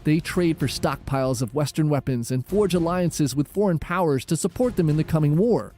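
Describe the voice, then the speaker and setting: A man giving dramatic, measured scripted narration of a history documentary. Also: a little high, warm tone. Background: faint music.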